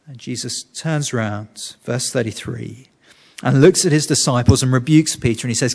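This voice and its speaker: A man's voice: medium pitch, normal speed, vocal fry, a little mellow, breathy edge. A man preaching a sermon, explaining scripture earnestly and often restarting his sentences. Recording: reverberant hall.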